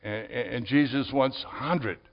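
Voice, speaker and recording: A man's voice: medium pitch, slow. A male pastor preaching a sermon in a conversational style that rises to emphatic peaks. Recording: dull audio with long hall reverb.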